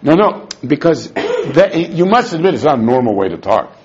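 A man teaching a Talmud lesson in an argumentative, animated way, dropping in Aramaic terms and restarting his sentences. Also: a little high, moderate pace, slightly rough. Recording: dull lo-fi recording.

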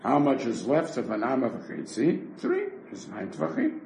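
A man teaching a Talmud class, rapidly reading Hebrew and Aramaic text and explaining it in English. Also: mid-range voice, huge pitch swings, vocal fry, darkish tone. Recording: echoey room with faint noise.

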